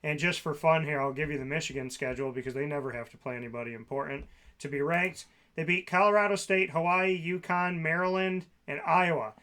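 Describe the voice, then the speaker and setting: Sports talk co-host, man, sharp bright tone, slightly high pitch, sarcastic rants. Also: fairly quick. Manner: sarcastic, ranting.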